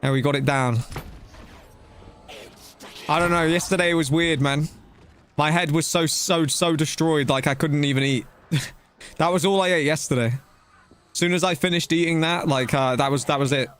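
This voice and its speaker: A man's voice: fairly high pitch, moderate pace, pauses often, fairly bright tone, smooth. A young man casually commenting on a game he is playing live, chatting loosely with his viewers. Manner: chatty and loose, talking to chat while playing, slangy with "bro" and "dude". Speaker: game streamer.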